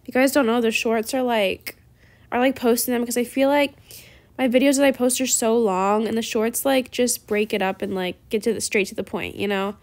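A teenage girl, a gaming YouTuber, chats casually while playing a game, sounding tired and rambling with lots of "like." Her voice is a little high, steady in tone and a little fast.

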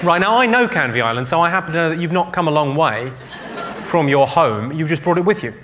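A man doing a stand-up comedy set on a theatre stage, trading deadpan one-liners and banter with the audience. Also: a little high, a little fast, over a noisy crowd. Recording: live show with loud audience noise.

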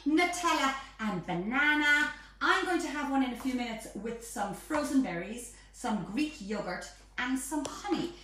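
Woman, live home cooking host, playful chatter; fairly high voice, distant mic in a very echoey kitchen. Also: lively intonation, normal speed, fairly bright tone, slight background noise. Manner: chatty, playful, bubbly asides.

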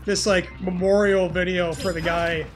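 A young man chatting casually over a video game, telling a rambling, halting story with crude jokes. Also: high voice, level tone. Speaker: gaming co-host. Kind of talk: casual chat over gameplay. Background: game music.

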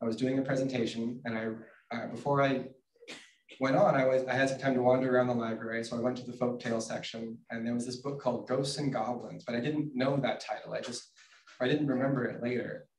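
Dry, low-key man reading to a room. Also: fast. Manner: dry, relaxed, low-key storytelling with small restarts. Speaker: author reading his picture books. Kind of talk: reading aloud and chatting at a book event. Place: bookstore event room. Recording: roomy, distant mic, faint noise.

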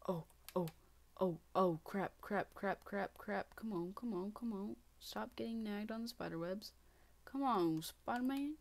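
A woman talking casually over her own gameplay as a channel host. She keeps up a stream of half-whispered grumbling to herself. Every so often it breaks into sharp, exasperated exclamations. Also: mid-range voice, a little slow, creaky. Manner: mutters and whispers to herself, with sudden frustrated outbursts.

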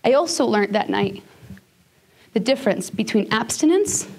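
Woman telling her own story on stage, high voice, gets really quiet and emotional at times. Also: animated, normal speed, creaky. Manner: emotional, dropping at times to a near whisper. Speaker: speaker. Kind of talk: personal storytelling talk.

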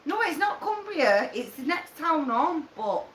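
A woman's voice: high-pitched, sing-song, a bit bright, slight background noise. A woman, chatting and teasing with friends, laughing often as she tells a story. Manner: giggly, teasing, quick storytelling. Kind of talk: casual banter among friends. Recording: echoey room.

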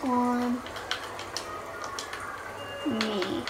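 A woman's voice: fairly high pitch, steady tone, drawn-out words, roomy sound, very noisy. A young woman commenting on her own gameplay in a playful way, making silly rhymes and snapping at teammates when frustrated. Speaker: gamer. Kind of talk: let's-play commentary.

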